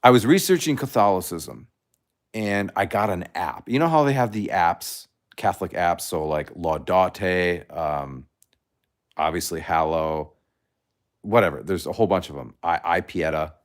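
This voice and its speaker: Deep-voiced guy rambling on his livestream, kinda out of breath, lots of restarts. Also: a little slow. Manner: rambling, animated, restarts often. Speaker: livestream host. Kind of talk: casual livestream chat.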